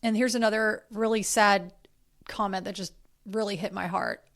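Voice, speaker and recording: A woman's voice: medium pitch, fairly even intonation, normal speed. Chatty woman hosting a podcast. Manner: warm, earnest and chatty, with asides. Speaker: podcast host. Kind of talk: casual podcast talk.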